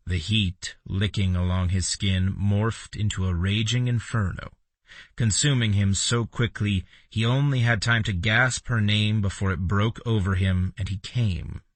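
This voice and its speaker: A man narrating a romance audiobook in a measured, intimate reading. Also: on the low side, no echo. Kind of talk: scripted narration.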